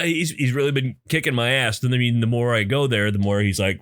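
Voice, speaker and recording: A man's voice: mid-range voice, steady tone, brisk, a bit bright, soft background music. Rambling mid-voiced podcast man. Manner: rambling storytelling with fillers. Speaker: podcast co-host. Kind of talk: casual chat.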